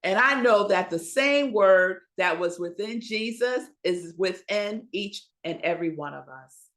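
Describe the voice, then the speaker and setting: A woman minister preaching a Sunday sermon, slow and emphatic, asking the congregation rhetorical questions and pausing for effect. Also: mid-range voice, lively intonation, fairly bright tone.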